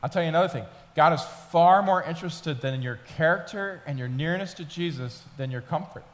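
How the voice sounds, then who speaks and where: A man's voice: fairly high pitch, brisk. A man in his thirties preaching a sermon as pastor, telling stories conversationally and building in intensity. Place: church sanctuary. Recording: long hall reverb.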